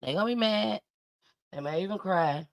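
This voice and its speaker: Woman, show host, casual commentary, emphatic, repetitive, gravelly fry. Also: medium pitch, moderate pace. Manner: emphatic, preachy, repeats her points. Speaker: host commenting on news clips.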